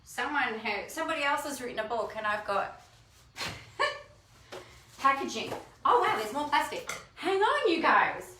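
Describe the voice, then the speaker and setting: Excitable woman, lively high voice. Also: a little slow, long pauses, a little hiss or hum. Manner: gushing and excitable, bursts of squealing. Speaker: host unboxing her own book. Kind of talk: casual live video chat. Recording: roomy echo.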